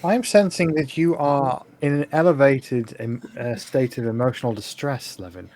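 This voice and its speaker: A man's voice: medium pitch, moderate pace, a little mellow, close to an everyday voice. A man playing a polite, clinical male android crew member in a tabletop horror game.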